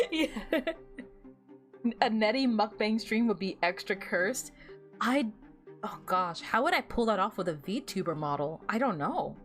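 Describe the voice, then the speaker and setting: A woman's voice: mid-range voice, expressive, measured pace, pauses often, fairly bright tone, soft background music. A young woman streaming a game, chatting casually and giggling, with lots of fillers as she rambles. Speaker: VTuber streamer. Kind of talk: casual gameplay stream chat.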